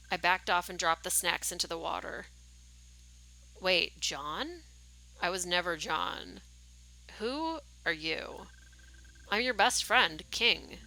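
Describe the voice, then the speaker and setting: A woman streamer with a fairly low, bright, forceful voice reads out a game's story text. She reacts in real time, lightly shifts her voice for characters' lines, and adds casual side comments.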